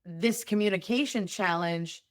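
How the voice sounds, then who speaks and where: A woman's voice: mid-range voice, unhurried, no echo, clean studio sound. Conversational woman podcast host. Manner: conversational and emphatic, explains with examples. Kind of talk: solo podcast talk.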